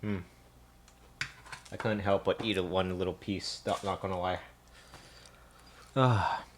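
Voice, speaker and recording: A man's voice: sits low, steady tone, unhurried, a little hiss or hum. A man streaming live from a home kitchen, winded and tired. He rambles to his viewers and swears often. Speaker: livestreamer. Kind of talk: casual live-stream chat.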